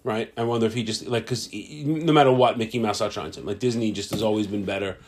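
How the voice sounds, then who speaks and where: A man's voice: lowish voice, fairly even intonation, fast. A middle-aged man, co-hosting a casual podcast and telling rambling, profane stories. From Staten Island, New York. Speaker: podcast co-host. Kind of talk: casual chat. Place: home podcast setup, drinking.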